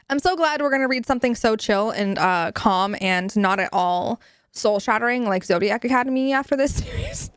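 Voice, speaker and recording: A woman's voice: on the high side, animated, normal speed, no echo. A woman streamer chatting casually with her viewers, giggly and playful, with casual swearing.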